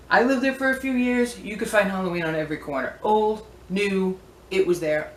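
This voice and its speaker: A woman's voice: medium pitch, lively intonation, fairly quick. A woman who sells vintage antiques, showing off her finds in a chatty, playful, wandering way. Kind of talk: casual show-and-tell vlog. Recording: echoey room.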